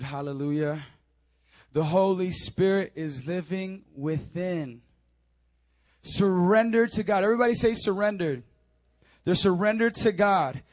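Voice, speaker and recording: A man pastor preaching a sermon, animated, swinging between loud urging and quiet, close talk, with repeated calls like "come on now.". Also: high voice.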